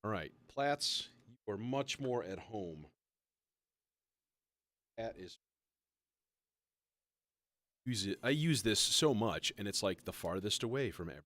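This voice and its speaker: Low-voiced man rambling casually on a livestream. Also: lively intonation, slow pace, long pauses, fairly bright tone, no room sound. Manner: rambling, self-mocking, swears often. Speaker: livestream host building a modular synth. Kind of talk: casual livestream chat while working.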